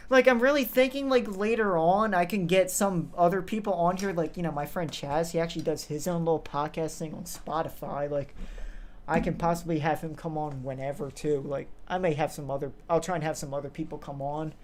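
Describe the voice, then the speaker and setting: A man's voice: on the high side, fairly even intonation, fairly quick, slight background noise. A young man co-hosting a casual podcast chat, rambling with lots of fillers and restarts. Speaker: co-host.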